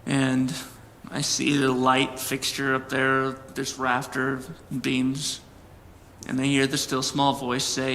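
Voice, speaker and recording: A man preaching a sermon as a personal story, earnest and animated, with emphatic peaks. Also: mid-range voice, takes it slowly, big-room sound, slight background noise. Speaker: pastor.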